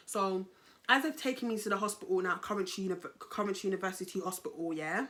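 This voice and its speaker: A young woman with a London accent tells her own story straight to camera. She talks in an animated, slang-filled way, turning to her viewers as guys. Her pitch sits at an ordinary middle height for a woman. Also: fast. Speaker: vlogger. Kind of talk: storytime vlog.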